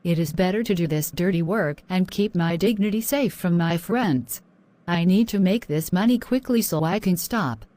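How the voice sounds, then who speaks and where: A woman playing a shy, troubled young student in a cartoon story, in a fairly low, subdued and hesitant voice. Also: moderate pace, mellow, close to an everyday voice. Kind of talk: animated story voice acting.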